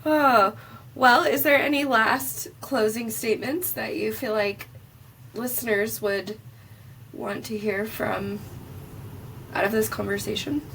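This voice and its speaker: A woman's voice: on the high side, steady tone, slow pace, creaky, a bit bright. A woman hosting a podcast interview, encouraging her guest and laughing easily. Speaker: podcast host. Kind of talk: casual interview chat. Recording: distant mic with faint noise.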